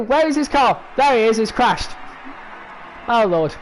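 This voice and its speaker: Excitable high-voiced young British man. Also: unhurried, a little hiss or hum, poor audio. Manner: excitable, exclaiming, laughing at crashes. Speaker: race commentator. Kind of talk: sim racing commentary.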